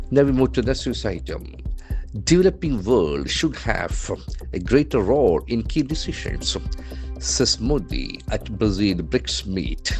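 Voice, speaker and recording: A man with an Indian English accent teaching English words from a newspaper, spelling them out letter by letter and repeating each word slowly. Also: low voice, darkish tone. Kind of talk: newspaper vocabulary lesson.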